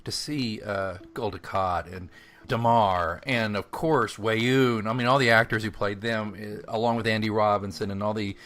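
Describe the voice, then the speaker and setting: Excitable man co-hosting a podcast. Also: fairly low pitch. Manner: excitable, rambling, quick bursts. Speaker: podcast co-host. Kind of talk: casual podcast chat.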